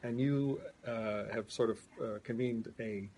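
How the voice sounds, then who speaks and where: A man's voice: mid-range voice, fairly even intonation, a little slow, mellow, slight background noise. A male interviewer asking questions in a loose, conversational way, joking at times and restarting his sentences.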